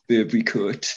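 A man's voice: mid-range voice, a little mellow. A man with a North East English accent, rambling casually as an interview guest, with many ums and restarts. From North East England. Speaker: interview guest, fan film actor. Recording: dull lo-fi sound.

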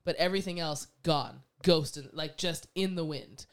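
Woman guest, casual chat, lively and opinionated, smooth resonant tone. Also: low voice, measured pace. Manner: animated, acts out quoted voices, laughs often.

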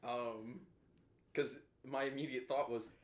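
A man's voice: medium pitch, steady tone, slow pace. A man chatting bluntly as a podcast co-host, swearing freely and laughing often. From Kentucky. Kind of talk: casual chat. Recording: echoey room.

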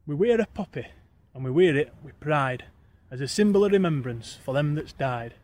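A man's voice: a little high, animated, normal speed, darkish tone. Yorkshireman reciting rhyming verse. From Yorkshire, England. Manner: lilting rhythmic recitation, broad dialect. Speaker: guest poet. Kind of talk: reciting rhyming dialect poems.

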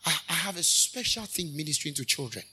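A man preaching a sermon as a minister, fervent, with sudden loud rises and quick asides. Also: a little high, lively intonation, slightly rough.

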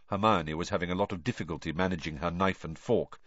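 Low, animated male audiobook narrator; dry, dull lo-fi recording. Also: quick pace, no room sound. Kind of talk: storybook narration.

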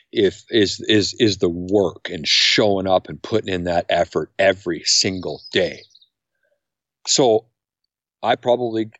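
A middle-aged man talks with energy, his voice leaping upward whenever he acts out what other people say. The recording is dry and a little muffled, with no room sound. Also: no echo. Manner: energetic, acts out quotes with jumps in pitch. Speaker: podcast guest, camp founder. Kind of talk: animated interview talk. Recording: dry, slightly dull sound.

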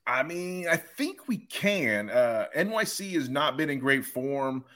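A young man on a sports podcast, casually telling an animated story and putting on the voices of people he met. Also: medium pitch, a little slow. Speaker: podcast co-host.

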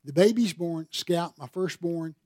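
An older man delivers a sermon, his voice sitting somewhat high for a man. He tells stories from the pulpit and presses harder and louder when he drives a point home. The sound is close and dry. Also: measured pace, dry recording. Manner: emphatic storytelling, swelling louder and higher on key points. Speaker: pastor. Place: church sanctuary.

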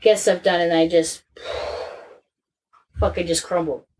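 A woman's voice: fairly low pitch, steady tone, slow, a little mellow, slightly rough. A woman in her thirties talking candidly in a casual chat, rambling and swearing freely.

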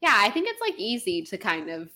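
A young woman from Florida co-hosting a podcast, chatting casually and quickly about a book with many fillers. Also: mid-range voice, wildly swooping pitch, sharp tone. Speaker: podcast co-host.

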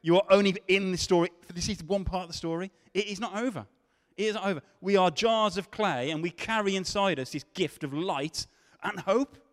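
A man preaching to a congregation, his voice sitting a little high for a man. He swings from loud, rising questions down to near-whispers. The sound rings with the long reverb of a large hall. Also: brisk, hardly any pauses. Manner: dramatic, swinging from loud questions to hushed tones. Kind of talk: sermon.

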